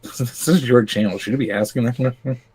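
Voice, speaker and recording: On a podcast, a male co-host with a medium-pitched, darkish, slightly breathy voice talks a little fast. His casual chat rambles with plenty of fillers, crude jokes and frequent laughter.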